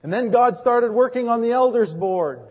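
Male preacher, earnest storyteller, high voice, muffled recording with a long church-hall reverb. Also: animated, moderate pace. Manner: earnest storytelling, acts out quoted dialogue. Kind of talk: sermon.

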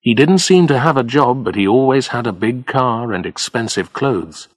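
Husky male storyteller, lively delivery. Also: medium pitch, moderate pace, no room sound. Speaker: narrator. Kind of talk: story reading for learners.

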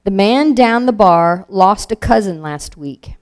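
A woman voicing a talking gadget box from a comic strip, explaining calmly. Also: medium pitch, unhurried, clear, resonant tone, lightly acted.

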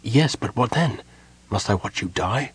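A man's voice: lowish voice, expressive, unhurried, breathy edge, no echo, heavily acted. A man voicing an anxious, devoted young soldier who speaks urgently with a trembling voice.

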